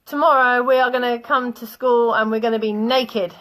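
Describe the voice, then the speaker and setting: A woman's voice: a little high, fairly even intonation, normal speed, fairly bright tone, pitched above the performer's own voice, natural voice. A woman voicing two eager, carefree young male language students, quoted during a lesson story. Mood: cheerful.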